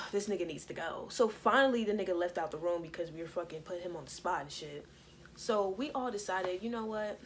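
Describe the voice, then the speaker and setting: Young woman vlogging a storytime, slangy and swearing a lot, lively telling. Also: on the low side, brisk, slight background noise. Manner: casual, profane, animated storytelling. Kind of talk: storytime vlog.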